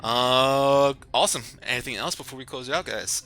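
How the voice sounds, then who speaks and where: Male game master, bright and forceful tone, easygoing narration, music underneath. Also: mid-range voice, normal speed. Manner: easygoing, slips into character quotes.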